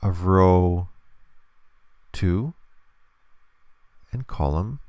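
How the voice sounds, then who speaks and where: A man's voice: low voice, extremely slow, a little mellow, no room sound, clean studio sound. A man teaching a hands-on lesson, explaining patiently step by step. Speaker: instructor.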